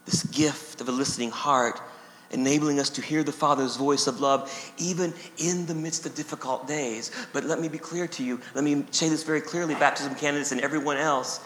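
Male pastor, high bright voice, emphatic repeating sermon, roomy church reverb. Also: fairly even intonation, a little fast, slight background noise. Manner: emphatic, repeats phrases for stress. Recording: echoey hall reverb.

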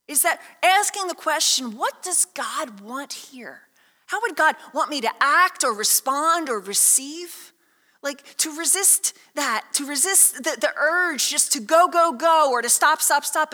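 A woman pastor preaches in a high, bright voice, talking through her sermon in a loose, conversational way full of asides and little stories. The sound rings with the long reverb of a big church hall. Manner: conversational, lively storytelling with many asides.

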